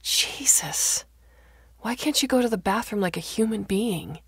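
A woman voicing an exhausted grown daughter caring for her father, sharp and half-whispered. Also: medium pitch, expressive, measured pace, slightly rough, no echo, clean studio sound, voice pushed up, heavily acted. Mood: exasperated.

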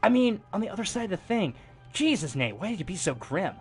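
A man's voice: high voice, very animated, quick pace, breathy edge, faint music behind. Jokey, swearing young streamer guy. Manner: jokey, swears a lot, exclaims loudly. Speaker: gaming streamer. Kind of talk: casual gameplay commentary.

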